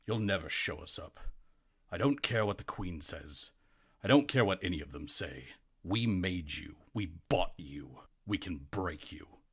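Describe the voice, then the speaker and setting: A man's voice: sits low, lively intonation, a little slow, a bit bright, breathy edge, heavily acted. A man voicing a hateful, menacing mustached man who sneers at a construct in a tabletop game. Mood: contemptuous. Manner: contemptuous, menacing.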